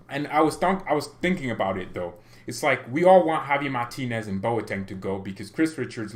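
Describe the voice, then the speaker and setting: A man hosting a football fan livestream, talking in a rambling, excitable way with lots of restarts. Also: on the low side. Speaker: fan channel host.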